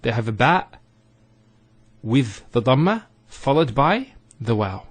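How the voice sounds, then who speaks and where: Slow, deliberate male Arabic teacher. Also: medium pitch, sing-song, no echo. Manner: slow and deliberate, drawing out vowels to demonstrate. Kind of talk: recorded lesson narration.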